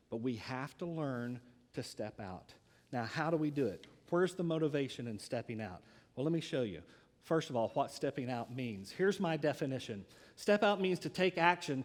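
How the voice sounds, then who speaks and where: A man preaching a sermon in a church, telling a personal story in a lively way with pauses. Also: medium pitch, long reverb tail. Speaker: pastor.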